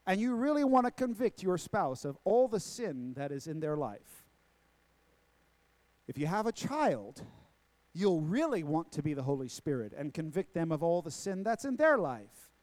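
Male pastor, sermon delivery, emphatic repetition, rhetorical questions; fairly high voice, dry close sound. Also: very animated, moderate pace, a little mellow, dry recording. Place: church sanctuary.

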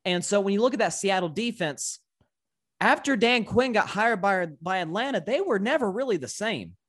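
A man's voice: high-pitched, animated, normal speed, a bit bright. Tennessee man with a slight Southern drawl. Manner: emphatic, repeats words when building a point. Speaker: guest co-host. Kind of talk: casual sports podcast chat.

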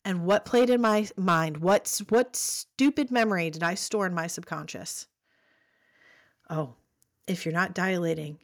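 Low-voiced woman telling her story. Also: moderate pace, creaky, pauses often. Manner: animated storytelling, acts out quoted voices. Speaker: podcast guest. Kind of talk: personal story in conversation.

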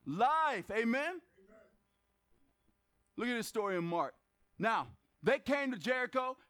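A man with a very high voice preaches a lively sermon to his church. He keeps asking the congregation questions, slips in joking asides, and now and then bursts into a shout to drive his point home. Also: slow pace. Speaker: pastor. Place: church service.

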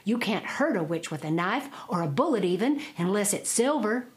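A woman's voice: mid-range voice, lively intonation, normal speed, lightly acted. A woman voicing an anxious, shrewd older male mill owner, hollering in an urgent drawl. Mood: grave.

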